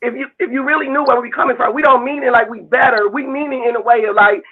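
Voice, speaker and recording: A woman, talking loudly and emphatically in a heated casual chat, repeating herself as she makes her point. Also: on the high side, steady tone, quick pace, phone-quality sound. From Chicago, USA. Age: 50s.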